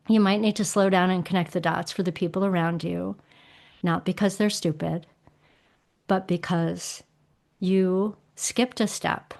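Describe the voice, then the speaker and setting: A middle-aged woman talking casually as a podcast guest, explaining ideas with animated emphasis and acting out quoted voices. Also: mid-range voice.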